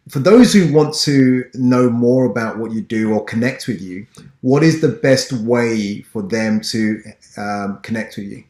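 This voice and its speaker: A man's voice: mid-range voice, darkish tone. Encouraging English-accented male host, roomy sound. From Ghana. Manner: encouraging, motivational. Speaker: podcast host. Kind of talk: business interview. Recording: roomy echo.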